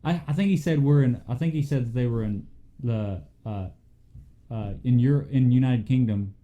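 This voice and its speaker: A man's voice: mid-range voice, normal speed, warm tone. A young man from the United States co-hosting a podcast, rambling and goofy, laughing often. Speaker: podcast co-host. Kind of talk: casual chat.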